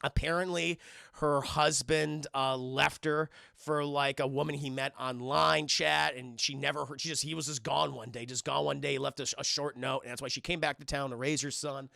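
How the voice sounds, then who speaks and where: A man giving a casual, profane spoiler review of a film to his live chat and retelling scenes excitedly. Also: medium pitch, normal speed, vocal fry, dry recording, clean studio sound.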